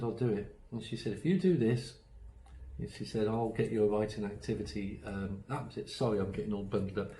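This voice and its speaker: A man's voice: mid-range voice, dark tone, echoey room, low-quality recording. A man giving an online workshop on autism strategies, telling anecdotes in a chatty way with many ums and restarts. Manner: chatty storytelling, acts out quoted voices, frequent ums and restarts.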